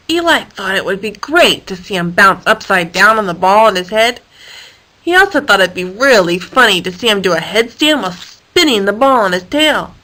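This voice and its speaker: A woman reading a children's story aloud with a playful, expressive manner. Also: mid-range voice, normal speed, poor audio. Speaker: storybook reader.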